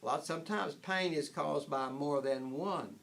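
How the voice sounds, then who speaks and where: A man's voice: fairly high pitch, a little slow, creaky, fairly bright tone, a little hiss or hum. An older man giving an informal spiritual talk, rambling with frequent restarts and chuckling at his own points. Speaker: spiritual teacher.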